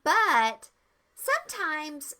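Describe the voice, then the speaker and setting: A woman's voice: sits high, very animated, extremely slow, pushed and bright. An older woman, hosting a live etiquette show for kids and greeting viewers with bubbly enthusiasm. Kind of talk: live-stream lesson for kids.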